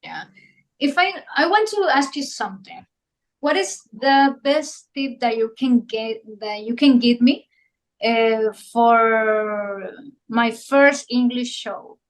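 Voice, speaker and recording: A woman from Nicaragua whose first language is Spanish, speaking careful, halting English in a Nicaraguan Spanish accent as a podcast guest. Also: fairly high pitch, low-quality recording. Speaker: guest comedian. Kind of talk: podcast interview.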